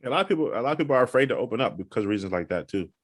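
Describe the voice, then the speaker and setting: A man co-hosting a casual podcast, talking quickly and often checking in with "you know what I'm saying". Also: medium pitch, lively intonation, breathy edge, dry recording, clean studio sound. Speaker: podcast co-host. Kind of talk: casual chat.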